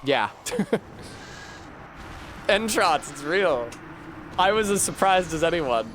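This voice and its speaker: A man's voice: on the high side, animated, slow, fairly bright tone, a little hiss or hum. A man streaming a video game, rambling through profane, joking retellings of a book. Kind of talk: casual gameplay chat.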